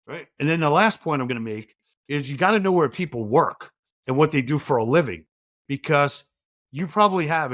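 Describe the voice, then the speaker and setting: Animated man telling stories, dry sound. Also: a little high, no echo. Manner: animated storyteller, acts out quoted dialogue. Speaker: guest. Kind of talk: conversational podcast interview.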